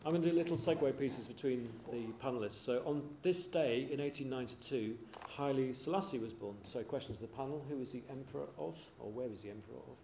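A man's voice: mid-range voice, fast, gravelly, few pauses, dark tone. A man hosting a panel show, reading out facts and putting questions to the panel. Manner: reads facts, quizzes the panel. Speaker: host. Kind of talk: panel show trivia segment. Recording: echoey room with faint hiss.

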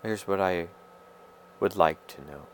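Halting, soul-searching man with a low voice. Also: slight background noise. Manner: halting, stammering, self-searching. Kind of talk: rambling personal monologue.

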